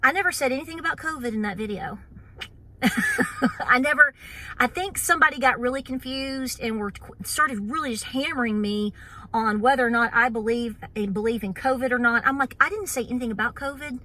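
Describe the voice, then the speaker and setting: A woman's voice: on the high side, a little fast, sharp tone. A woman with an Appalachian accent, hosting her homestead channel and chatting casually to camera, full of fillers and playful mock voices.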